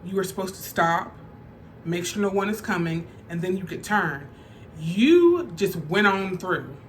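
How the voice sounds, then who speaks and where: A woman putting on the voice of a calm, polite male police officer in a story. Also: on the low side, a little slow, slight background noise. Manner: polite and even.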